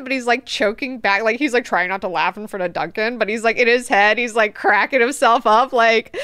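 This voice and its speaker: A woman in her thirties hosts a book club and recaps the plot in a casual, animated way, swearing freely and laughing at the good parts. Her voice is smooth and a touch high. The sound is dry and close. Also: moderate pace, hardly any pauses, no echo. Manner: animated, profane, amused.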